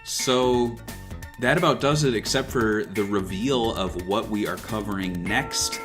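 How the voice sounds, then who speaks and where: A man with a lowish voice hosts a relaxed gaming podcast, rambling and circling back on his thoughts. He reads listener notes aloud between asides. Music plays softly beneath him. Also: measured pace. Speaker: podcast host. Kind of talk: casual podcast chat.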